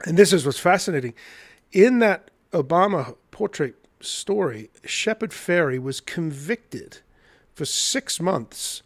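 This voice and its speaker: Animated storytelling man, slightly high voice. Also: slow pace. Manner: animated, acts out dialogue in his retelling. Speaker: podcast guest, painter. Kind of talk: storytelling interview.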